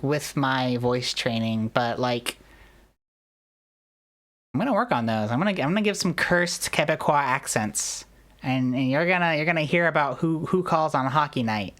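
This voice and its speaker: A woman streamer in casual chat, rambling and joking at her own expense. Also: low-pitched. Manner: rambling, self-deprecating, jokey.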